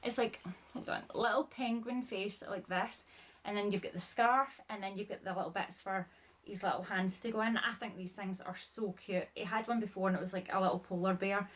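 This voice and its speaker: A woman's voice: medium pitch, steady tone, fairly quick, a bit bright. A chatty woman talks through her thrifted finds in a loose, rambling way. She sounds a bit out of breath and keeps apologizing as she goes, peppering every sentence with "like". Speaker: haul vlogger. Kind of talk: casual chat showing items.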